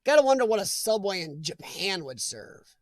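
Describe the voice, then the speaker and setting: High-voiced joking man on a live chat. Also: sing-song, normal speed, no echo. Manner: joking, chatty, laughs often and talks to viewers by name. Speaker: host of a live chat stream. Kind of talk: casual live-stream chat reading viewer comments.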